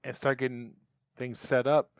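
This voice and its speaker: A man's voice: mid-range voice, level tone, moderate pace, no echo. A man playing in a tabletop game, speaking in an urgent, insistent way. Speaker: player. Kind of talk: casual tabletop role-play.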